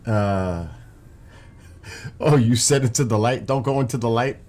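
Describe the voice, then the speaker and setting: A man's voice: mid-range voice, measured pace, a little mellow. A man with a New York accent, chatting casually and rambling to his viewers on a live stream.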